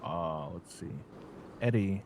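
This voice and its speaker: A man talking in character during a role-play game, casual and profane, with halting restarts. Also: deep voice, noisy background.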